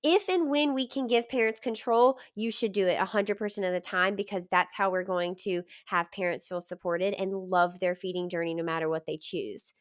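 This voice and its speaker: A woman's voice: mid-range voice, moderate pace, hardly any pauses, dry recording, studio quality. A woman guest on a podcast, speaking frankly and emphatically, reassuring new parents. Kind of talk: podcast conversation.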